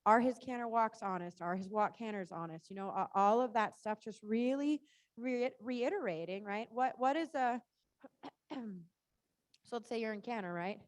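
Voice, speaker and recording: Woman, riding instructor, high voice, dry close sound, chatty, encouraging, live lesson coaching. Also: moderate pace, dry recording. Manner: encouraging, chatty, frequent "right?" and "good".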